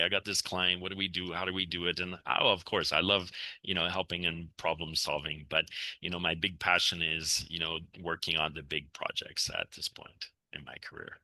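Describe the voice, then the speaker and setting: A middle-aged man telling enthusiastic stories as a real estate investor guest on a podcast interview. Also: no room sound. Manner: enthusiastic, animated storyteller with laughs and pitch jumps.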